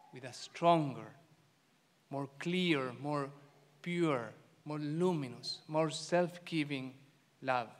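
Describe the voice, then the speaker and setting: Man, priest, sermon, earnest and emphatic, unhurried, long church echo. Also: fairly high pitch. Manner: earnest, with repeated emphatic phrases and gentle asides.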